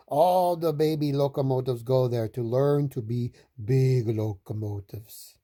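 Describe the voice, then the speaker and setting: A woman reading children's picture books aloud in a slow, expressive, sing-song way. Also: a bass voice. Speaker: storytime reader.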